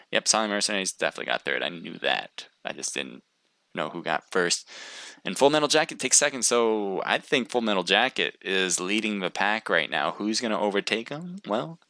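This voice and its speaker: A man's voice: sits low, gravelly, pushed and bright, no echo. A man casting a live stream, chatting casually with viewers and thinking aloud with frequent restarts. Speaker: livestream caster.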